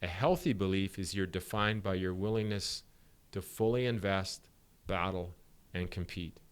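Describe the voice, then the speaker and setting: A sport psychologist in middle age talks through his ideas on a podcast interview, using animated stories and acting out dialogue along the way. He speaks at a normal speed in a somewhat low voice with a clean tone.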